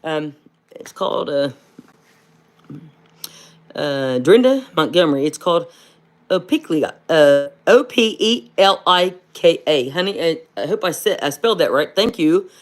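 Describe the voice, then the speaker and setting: A woman's voice: deep voice, lively intonation, a little slow. Blunt woman. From southern Ohio. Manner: blunt, calls everyone honey, many filler uhs. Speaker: livestream host. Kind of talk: casual livestream, reading viewer comments.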